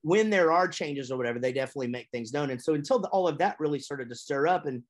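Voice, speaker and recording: A middle-aged man, a musician and voice actor, chatting as a podcast guest in a lively, rambling way. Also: fast talker. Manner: chatty and animated, with big pitch swings when telling stories. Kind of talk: casual interview chat.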